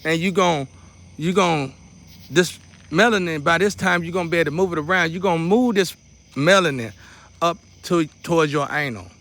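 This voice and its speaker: A man's voice: fairly high pitch, normal speed, a bit bright. Man leading a loose preacherly meditation. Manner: loose and repetitive, preacherly asides. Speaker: spiritual teacher. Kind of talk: casual guided meditation teaching.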